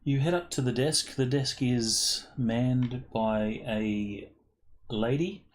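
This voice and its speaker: A man running a tabletop game as game master, narrating casually with many pauses and ums. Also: mid-range voice. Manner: relaxed, filler-heavy narration with ums. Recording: faint background noise.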